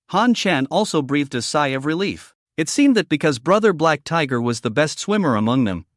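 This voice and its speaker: A man's voice: on the high side, no echo, studio quality. A man narrating a comic story recap in a scripted, dramatic storytelling manner.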